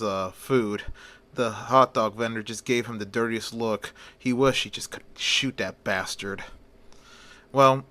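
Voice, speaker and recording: A man telling a fan story in a bright, clear voice at an ordinary pitch. He reads in a halting, homemade way, stopping for fillers and starting lines over. It has the plain feel of a hobby storyteller. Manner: halting, with many fillers and restarts.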